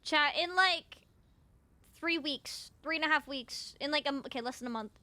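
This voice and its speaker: A woman's voice: sits high, normal speed, pushed and bright, no echo. A young woman streaming live, chatting casually with viewers and cooing baby talk at her cat.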